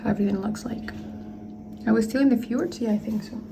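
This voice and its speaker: A woman with a fairly high voice records a travel vlog out on the road. She talks casually and loosely, trailing off and restarting her thoughts. Steady outdoor and road noise runs clearly under her voice. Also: quick pace. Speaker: travel vlogger.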